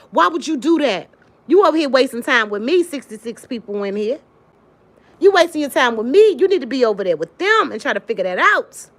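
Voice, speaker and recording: A woman hosting a casual livestream, talking emphatically to her viewers by name and repeating her points. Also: a little high. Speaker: livestream host. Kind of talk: casual livestream chat reading comments.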